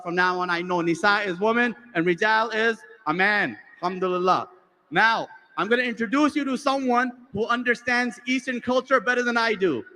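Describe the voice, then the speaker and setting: An American emcee stands on a large convention hall stage, delivering a stand-up anecdote and performing the dialogue with lowered voices. The rough recording carries the sound of the large hall around him.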